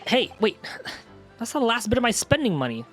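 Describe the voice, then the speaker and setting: A brash young Cockney pickpocket girl fires off cheeky retorts in a raised, lively voice, as a man puts her on. Faint music runs behind. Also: very high voice, brisk, pitched above the performer's own voice, exaggerated voice. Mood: cocky. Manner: brash, cocky. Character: cheeky young female East End pickpocket.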